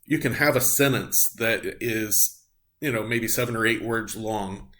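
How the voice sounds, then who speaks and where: A man's voice: lowish voice, a little slow, bright, forceful tone. A middle-aged man giving a recorded nursing lecture, explaining step by step with frequent ums and uhs. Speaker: nursing instructor.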